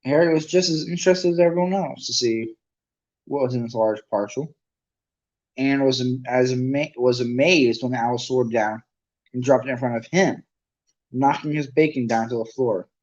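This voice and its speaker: A man's voice: medium pitch, normal speed, darkish tone, dull audio. A man reading a novel aloud as an amateur narrator, often stumbling and correcting himself. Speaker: amateur audiobook reader.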